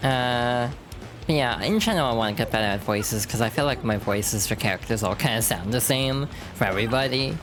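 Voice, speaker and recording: A woman streamer chatting casually over gameplay, self-deprecating and relaxed. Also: rumbling low, a little fast, over music. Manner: chatty, self-deprecating, reads game text aloud.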